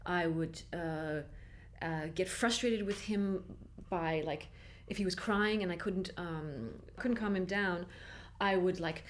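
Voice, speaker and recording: A woman in her thirties talking frankly in an interview, halting often and laughing as she talks. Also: fairly low pitch, slight background noise. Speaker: interviewee, mother. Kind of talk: candid interview.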